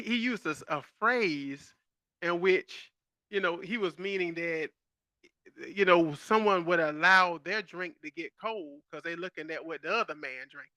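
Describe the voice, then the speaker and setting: A man co-hosts a chatty podcast, telling stories with plenty of laughter. His voice sits high and swings widely in pitch, with a very bright, forceful tone. The sound is dry and close. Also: no echo. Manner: laughs often, animated storytelling. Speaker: podcast co-host. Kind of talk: casual chat.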